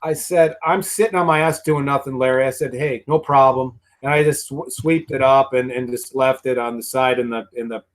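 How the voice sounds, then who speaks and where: A man's voice: mid-range voice, fairly even intonation, normal speed, few pauses. A man, a guest actor, telling behind-the-scenes stories in a rambling, profane way full of restarts. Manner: rambling and profane, many restarts and repeated words. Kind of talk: casual commentary storytelling.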